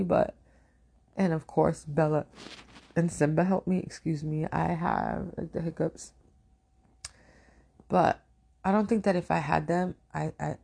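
A woman hosting her own podcast, talking through a personal monologue in a halting, emotional way and often repeating her words. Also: sits low, creaky, a little mellow. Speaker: podcast host.

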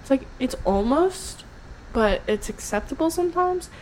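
A woman's voice: high-pitched, expressive, moderate pace, a little mellow, slight background noise, low-quality recording. A young American woman co-hosting a podcast, chatting casually in cheeky, laughing banter and swearing freely. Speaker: podcast co-host. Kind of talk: casual chat.

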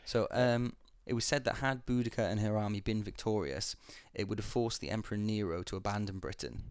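A man's voice: on the low side, brisk, clear, resonant tone, dry recording, clean studio sound. A young man co-hosting a podcast in a rambling, laid-back way, with lots of ums and casual swearing. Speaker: podcast co-host. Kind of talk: casual chat.

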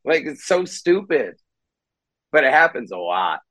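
A young man talks frankly, with plenty of swearing, and slips into lively impressions of other people. He is heard on a video call, and his voice sounds close and dry, with no room echo. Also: on the high side, a little slow. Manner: candid, animated, swears freely, acts out quotes. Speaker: podcast host and band musician, guest here. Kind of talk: casual podcast chat.

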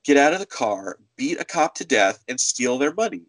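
A man co-hosting a podcast, telling stories in a casual, animated way. He acts out other people's voices as he goes. His voice sits in a middle pitch. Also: normal speed, low-quality recording. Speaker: podcast co-host. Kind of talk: casual storytelling.

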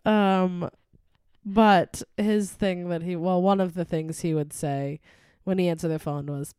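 A woman's voice: lowish voice, fairly even intonation, measured pace, mellow, smooth, dry recording, clean studio sound. A woman co-hosting a podcast, chatting casually, laughing often and telling stories with fillers. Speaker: podcast co-host; teacher. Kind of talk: casual chat.

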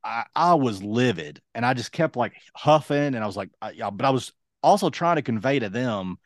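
A young man and podcast co-host telling a casual, lively anecdote, acting out other people's lines as he goes. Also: medium pitch, a little fast, no echo, studio quality. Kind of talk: casual storytelling.

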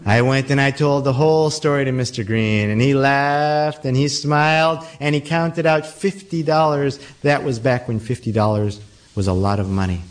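Guy telling a spooky story out loud, dramatic, builds suspense. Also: medium pitch, moderate pace. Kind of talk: oral storytelling performance.

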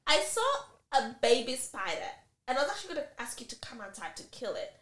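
High energetic woman, swings all over the place telling a story, bit of an echo. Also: fairly quick. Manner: dramatic, swearing, acts out quoted people. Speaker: podcast co-host. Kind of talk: casual chat, animated storytelling.

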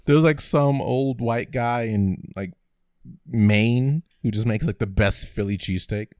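A man's voice: mid-range voice, unhurried, a little mellow, dry recording, studio quality. A man co-hosting a casual podcast chat, rambling and laughing often. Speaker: podcast co-host.

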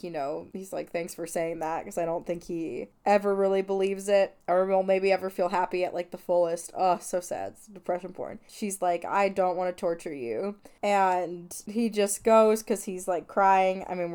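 A woman's voice: lowish voice, a little mellow, smooth. A woman hosting a film podcast, retelling a movie scene by scene in an emotional, gushing, chatty way. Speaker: podcast host. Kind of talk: casual film recap.

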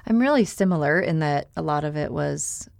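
A woman's voice: deep voice, expressive, moderate pace, gravelly, darkish tone, no echo, clean studio sound. A woman in her forties co-hosting a parenting podcast, talking steadily and reflectively in long runs. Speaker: podcast co-host. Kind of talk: casual podcast chat.

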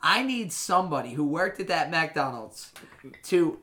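A man hosting a podcast in casual chat, animated and quick to joke. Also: a little high. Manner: animated, jokey, quick to laugh. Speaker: podcast host.

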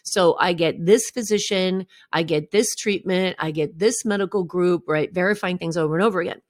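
A woman's voice: on the low side, moderate pace, dry recording, clean studio sound. A middle-aged woman hosting a podcast, telling a personal story in a candid, conversational way and often checking in with "right?". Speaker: podcast host.

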